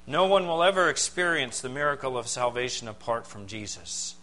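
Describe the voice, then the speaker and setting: A pastor delivering a sermon. He preaches emphatically, with dramatic pauses and rhetorical questions. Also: medium pitch, expressive, sharp tone, low-quality recording.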